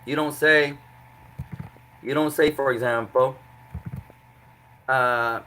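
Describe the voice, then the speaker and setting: Bright-voiced man teaching a grammar class. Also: mid-range voice, fairly even intonation, slow, long pauses, slight background noise, low-quality recording. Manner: explains patiently with repeated examples. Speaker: Arabic teacher.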